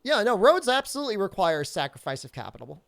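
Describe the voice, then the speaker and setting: A man's voice: high voice, sing-song, quick pace, creaky, a bit bright. A man streaming a video game, chatting casually and jokingly as he reads viewers' questions aloud. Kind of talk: casual live-stream chat.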